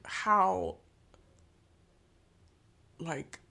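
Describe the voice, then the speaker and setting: A woman co-hosting a podcast, chatting and gossiping casually about a reality show, with quick mimicking asides. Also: on the low side, creaky, pushed and bright. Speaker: podcast co-host. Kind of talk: casual chat.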